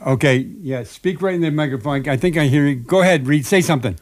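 A man's voice: fairly high pitch, fast. A man hosting a local radio show in the studio, chatting casually and joking with a laugh. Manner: jokey, laughs often. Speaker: radio host.

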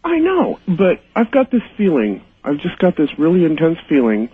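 A male caller on a phone line, talking in an excitable, earnest way. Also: a little high, normal speed, slightly rough, no room sound.

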